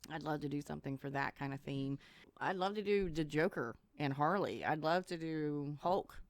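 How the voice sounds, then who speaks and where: Speaking at a moderate pace in a low-pitched voice, this podcast co-host is a chatty, rambling storyteller. She keeps the conversation casual and laughs frequently.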